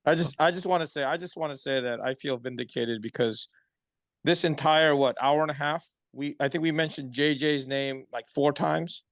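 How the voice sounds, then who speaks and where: A man with a fairly high voice trades sarcastic, teasing takes on a casual sports podcast. His voice sounds dry and close, with almost no room around it. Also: moderate pace, no echo. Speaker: podcast co-host.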